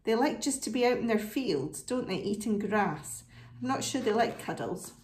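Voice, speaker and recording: A woman reading a picture book aloud to children, animated and asking her listeners questions. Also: fairly high pitch, moderate pace, reverberant, a little hiss or hum. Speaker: storybook reader.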